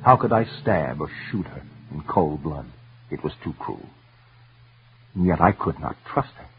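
A man giving earnest, intense first-person dramatic narration for a radio story, sometimes dropping to hushed tones. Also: rumbling low, lively intonation, unhurried, background noise. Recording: tinny old radio broadcast with faint music.

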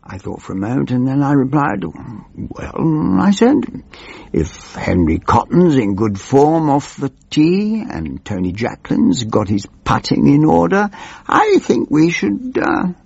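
A man playing a doddering, pompous old politician who rambles and loses his thread, in a gravelly, husky voice. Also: fairly high pitch, wildly swooping pitch, slow pace, a little mellow, no room sound, lo-fi sound, full character voice. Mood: rambling. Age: older. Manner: meandering, wandering off and losing his thread. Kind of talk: comic character monologue.

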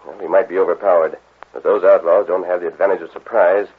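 An actor playing a masked western hero, calm and commanding, speaking with firm, polite authority in a vintage radio drama. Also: male voice, low-pitched, quick pace, slightly rough, narrow, tinny audio. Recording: scratchy old radio broadcast.

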